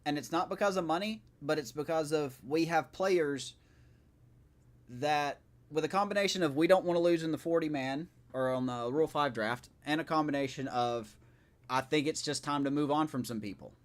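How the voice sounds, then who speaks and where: A man's voice: on the high side, moderate pace, pauses often. A man streaming a video game live, talking casually in a rambling, self-correcting way and chatting with his viewers.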